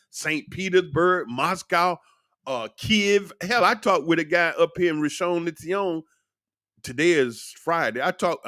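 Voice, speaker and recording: Man in his 60s ranting, cussing, rambling on, kinda high voice, dry close sound. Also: dry recording. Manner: rambling, blunt and profane, with animated bursts. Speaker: commentator. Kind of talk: ranting monologue.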